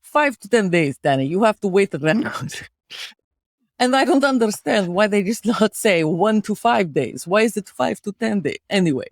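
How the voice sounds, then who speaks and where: A woman putting on a heavy Russian accent to tell a story in a deadpan, fatalistic way, dropping her articles. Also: mid-range voice, moderate pace, dry recording, studio quality, pitched above the performer's own voice. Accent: put-on Russian.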